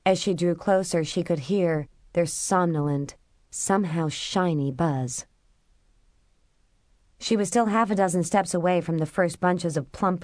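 A woman narrates an audiobook in a steady, measured way. Her voice sits on the low side for a woman. The recording is close and dry, made on a close studio mic with no room sound. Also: dry recording. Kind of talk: scripted narration.

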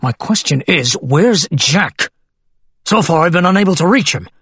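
A man's voice: fairly high pitch, animated, measured pace, fairly bright tone, slightly rough, no echo, full character voice. A man voicing an anxious, impatient senior partner at a firm, speaking in clipped lines.

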